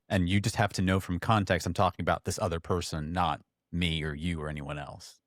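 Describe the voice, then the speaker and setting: A man's voice: sits low, moderate pace, fairly bright tone, no echo, clean studio sound. A man with a Philadelphia accent, hosting a podcast in upbeat casual chat. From Philadelphia, USA. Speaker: podcast host.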